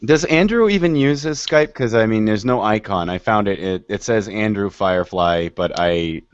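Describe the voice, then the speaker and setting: Man on call, somewhat low pitch, stammery and halting, dry lo-fi audio. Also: clean tone, no echo. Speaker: parent. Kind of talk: casual group video chat. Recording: slightly muffled lo-fi call audio.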